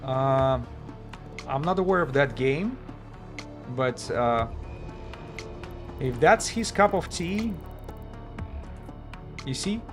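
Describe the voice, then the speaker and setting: A man chatting through a live game stream, talking things through aloud with plenty of fillers and slightly non-native phrasing. His voice sits at an ordinary middle pitch and sounds worn from hours of talking. Faint music plays behind him. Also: expressive, extremely slow, pauses often. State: voice tiring after hours of talking. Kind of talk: casual live-stream commentary.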